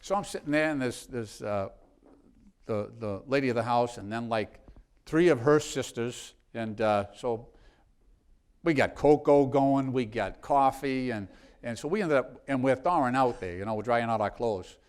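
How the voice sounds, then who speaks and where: A South Boston congressman tells a rambling story in a live interview, drifting through anecdotes and restarting often. His voice is medium-pitched, a little slow, darkish and clean.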